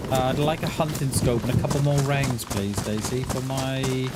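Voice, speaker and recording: A man's voice: medium pitch, fairly even intonation, normal speed. A man chatting casually while streaming a game, rambling along with frequent chuckles and self-mocking asides. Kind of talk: casual livestream chat while gaming. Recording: noisy background.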